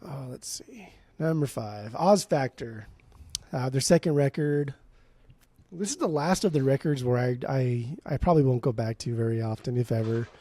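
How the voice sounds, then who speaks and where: Chill podcast dude, warm mellow voice, swears a lot, dry sound. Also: male voice, mid-range voice, moderate pace, dry recording. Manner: laid-back, profane, offhand. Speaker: podcast co-host. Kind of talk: casual music review chat.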